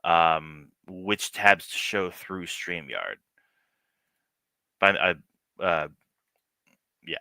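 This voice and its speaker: Bright, crisp-voiced profane commentator man. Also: deep voice, drawn-out words, long pauses, no room sound. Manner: profane, sarcastic, laughing asides. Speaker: livestream political commentator. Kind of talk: reaction commentary on a news clip.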